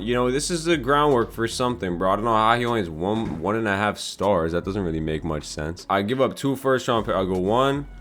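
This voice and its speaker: A man's voice: on the low side, fairly bright tone. A young man giving casual gameplay commentary as a gaming YouTuber, thinking aloud in slang with frustrated outbursts.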